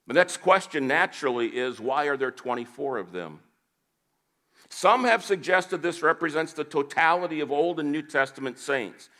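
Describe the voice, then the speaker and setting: A man giving a measured, scripted Bible teaching with dry asides. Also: fairly high pitch, fairly bright tone.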